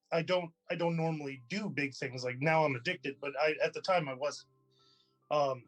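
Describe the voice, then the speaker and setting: Male, higher pitch, chatty anecdotal tribute, quick restarts, soft music bed. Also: rough recording. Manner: chatty, lively, many restarts and fillers. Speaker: theater company member giving a tribute. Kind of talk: personal anecdote, casual storytelling.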